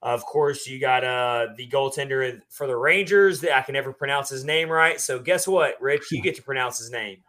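A man co-hosting a sports podcast, talking casually and at length with relaxed fillers. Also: mid-range voice. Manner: relaxed, talkative, drawn-out fillers. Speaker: podcast co-host.

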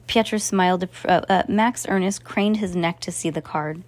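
A woman's voice: on the low side, normal speed, hardly any pauses, darkish tone. A woman narrating a storybook, often stumbling and restarting her phrases. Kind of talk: storybook reading.

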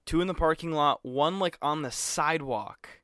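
A man's voice: fairly high pitch, moderate pace, a bit bright, no room sound, studio quality. A young man co-hosting a podcast, telling a college story in casual chat, acting out quotes and swearing freely. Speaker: podcast co-host.

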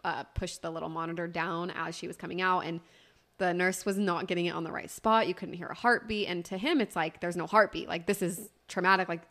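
A woman's voice: on the low side, fairly quick. Chatty young woman podcast co-host. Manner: chatty, animated storytelling with quoted voices. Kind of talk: casual chat.

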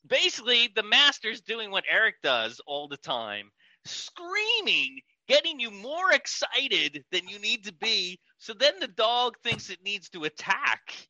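A man's voice: high voice, big pitch swings, unhurried, pushed and bright, no room sound. A man, a podcast sound engineer, ranting in casual talk and mimicking screaming people. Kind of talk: casual rant.

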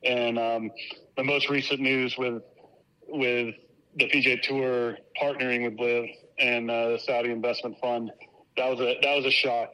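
Bright-toned male pro golfer guest. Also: medium pitch, normal speed, dull audio. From Virginia, United States. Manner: relaxed, thoughtful, hesitant fillers. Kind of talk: interview answers.

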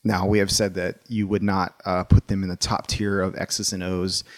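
A lower-voiced man giving his take on a college football hire in a loose, opinionated way, often restarting his sentences. His voice is recorded close and dry, with no room sound. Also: moderate pace, no room sound. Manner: animated, opinionated, rambling with restarts. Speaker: sports podcast co-host. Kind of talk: casual sports talk.

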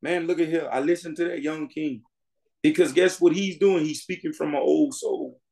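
A man from Miami talking as a podcast guest, his voice gravelly with fry. He speaks in an emphatic, sermon-like way, calling his listener bro and driving his points home. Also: on the high side, steady tone, moderate pace, mellow. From Miami, Florida. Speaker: music artist guest. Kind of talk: casual podcast interview.

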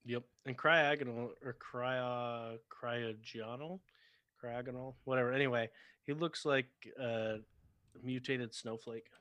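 A man's voice: mid-range voice, flat delivery, unhurried, fairly bright tone, no room sound, highs cut off. A man co-hosting a casual podcast chat, teasing his partner and laughing often. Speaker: podcast co-host.

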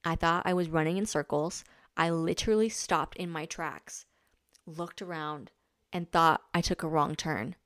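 A woman's voice: low voice, moderate pace, fairly bright tone, no room sound, clean studio sound. A woman in her twenties hosting a podcast, casually chatting about a race, full of "like" fillers. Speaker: podcast host. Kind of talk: casual chat recounting a race.

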